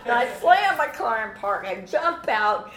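A woman telling a personal faith testimony as an animated story, with frequent restarts and repeated words. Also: fairly high pitch, a little slow, reverberant. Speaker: speaker giving a personal testimony.

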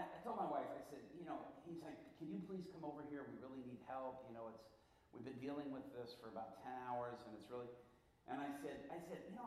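A middle-aged male pastor telling a story in a sermon, animated and rambling, restarting often and acting out the voices of the people in it. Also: mid-range voice. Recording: roomy hall with faint ambience.

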